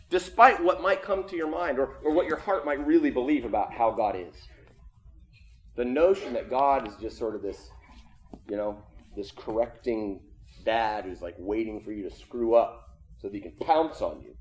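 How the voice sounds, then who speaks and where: Earnest pastor preaching, raised pitch. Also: male voice, expressive, moderate pace. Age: adult with children. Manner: conversational and earnest, swinging from loud emphasis to hushed. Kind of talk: sermon.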